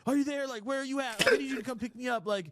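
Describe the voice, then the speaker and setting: A man's voice: very high voice, rapid-fire, a bit bright, voice pushed up. A man voicing a panicked young man who has just been robbed and is pleading breathlessly for a ride.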